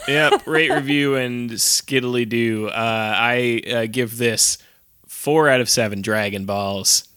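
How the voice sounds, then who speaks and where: Laid-back man, slow and bright. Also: medium pitch, clean tone, no echo, clean studio sound. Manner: laid-back, hesitant with fillers. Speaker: podcast co-host. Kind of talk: casual comedic recap chat.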